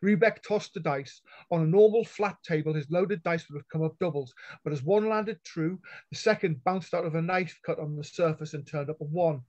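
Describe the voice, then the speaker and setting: A man reading his own fantasy fiction aloud in a steady storytelling manner over a video call. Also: a little high, normal speed. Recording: dull lo-fi online call audio.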